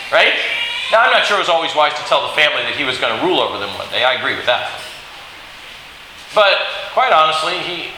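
A man preaching a sermon, telling a Bible story in an animated way and acting out the quoted lines. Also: a little high. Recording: very echoey hall with faint hiss.

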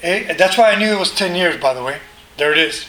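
Pastor guy preaching, chatty and animated, highish bright voice, echoey room w/ faint hum. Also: a little fast. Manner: conversational, animated, rhetorical questions. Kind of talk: sermon.

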